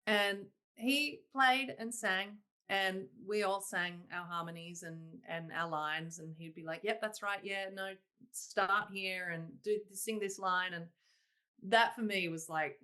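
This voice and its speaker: A woman, a singer-songwriter guest telling her stories in a casual interview, animated and laughing, quoting herself in exclaimed asides. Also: medium pitch, takes it slowly, smooth. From Australia.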